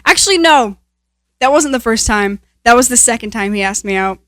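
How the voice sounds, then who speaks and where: A young woman co-hosting a podcast, telling stories in casual chat, animated and laughing often. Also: fairly high pitch, a little fast, no room sound, studio quality. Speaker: podcast co-host.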